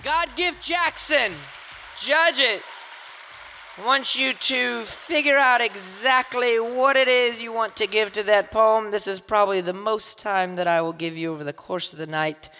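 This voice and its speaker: High-voiced slam emcee in a hall. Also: male voice, steady tone, normal speed, few pauses, bright, forceful tone, slight background noise. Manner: hyping the crowd, call-and-response. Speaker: emcee of a youth poetry slam. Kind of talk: live event hosting. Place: theater stage with audience. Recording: long reverb of a large venue.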